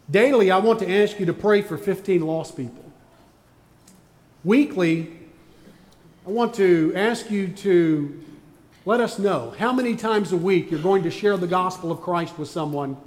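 Pastor guy giving a folksy sermon, high voice, long echo in the church. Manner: folksy, joking storyteller. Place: church sanctuary.

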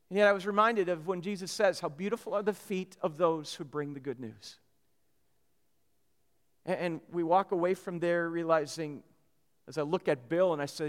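A male pastor telling a personal story during a sermon, animated and full of quick restarts. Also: on the high side, big-room sound.

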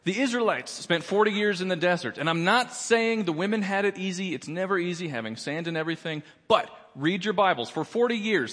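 A man's voice: a little high, lively intonation, fairly quick, a bit bright, long reverb tail. A man performing a stand-up comedy set in a church, with a wry, playful delivery. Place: church auditorium.

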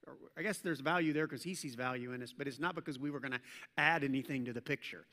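A man preaching a sermon to a congregation, talking conversationally and joking with the room, swinging between loud emphasis and hushed intensity. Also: mid-range voice, fast. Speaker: pastor. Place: church service with a congregation. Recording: long church reverb.

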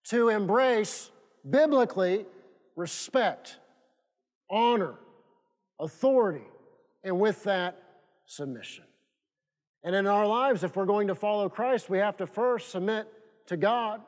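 A pastor delivers a sermon in a high, light male voice, leaning on repetition and drawn-out pauses for emphasis. His words ring out through a church sanctuary with a long, lingering reverb. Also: expressive.

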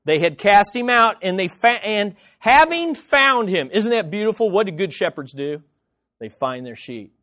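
A man preaching an expository sermon to his congregation, animated and conversational, often restarting his sentences and dropping into quick playful impressions. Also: high-pitched. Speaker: pastor.

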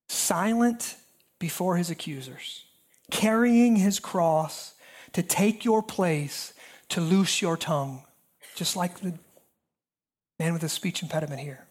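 Preacher, impassioned sermon, rising repeated phrases, sudden hushed near-whispers. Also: mid-range voice. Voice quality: swings between raised intensity and hushed, near-whispered passages. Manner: emphatic, repetitive, building cadences. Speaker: pastor.

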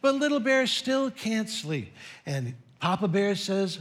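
A man's voice: sits high, lively intonation, unhurried. A middle-aged man preaching a sermon as pastor, telling a story in a playful way.

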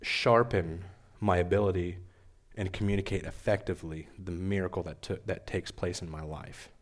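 A young man giving an earnest, emotional testimony at church, halting and restarting as he speaks. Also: low-pitched, fairly even intonation.

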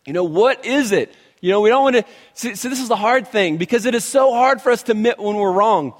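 A male pastor preaching a sermon in an animated, conversational way, often restarting his phrases. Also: high-pitched, fairly quick, long reverb tail.

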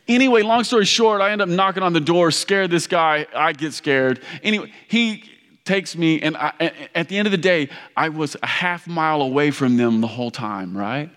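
A man from Kentucky preaching a sermon, telling a story in an animated, rambling, self-mocking way with many restarts. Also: fairly high pitch, normal speed. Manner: loud. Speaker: pastor. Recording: reverberant hall.

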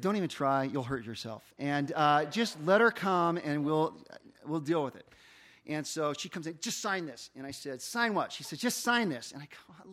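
A middle-aged man preaching as a pastor, telling a story and acting out the dialogue. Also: on the high side. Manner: animated storyteller, acts out dialogue. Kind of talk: sermon storytelling.

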